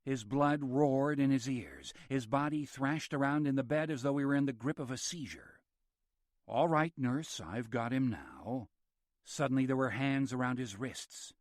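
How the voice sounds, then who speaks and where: A man narrating a horror audiobook in a measured, steady reading. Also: mid-range voice, no echo, clean studio sound. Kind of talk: scripted narration.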